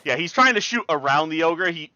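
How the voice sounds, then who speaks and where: A man's voice: on the high side, lively intonation, fairly quick, bright, forceful tone, dry recording, lo-fi sound. A man narrating as game master, plainly explaining the rules and enemy moves.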